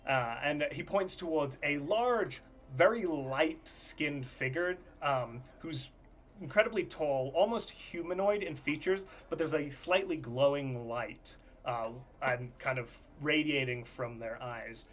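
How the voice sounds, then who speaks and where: A man narrating a tabletop game as game master, describing scenes in a relaxed way with fillers. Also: fairly high pitch, unhurried.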